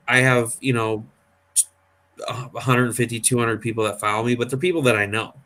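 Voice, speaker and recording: A man's voice: medium pitch, fairly even intonation, moderate pace, pushed and bright. Rambling man hosting a chat. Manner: rambling storyteller, acts out quoted voices. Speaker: host. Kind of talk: casual chat.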